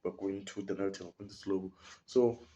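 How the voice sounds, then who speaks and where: A man's voice: low voice, fairly even intonation, brisk, mellow. Young South African man telling a story. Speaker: podcast guest. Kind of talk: casual storytelling.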